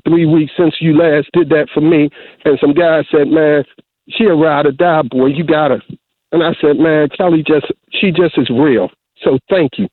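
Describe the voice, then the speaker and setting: A man's voice: on the high side, dry recording. A middle-aged man calling in to a talk show, preaching with heavy repetition and restarts. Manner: preachy, repeats himself, restarts often. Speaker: caller. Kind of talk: emotional call-in monologue. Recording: tinny phone line.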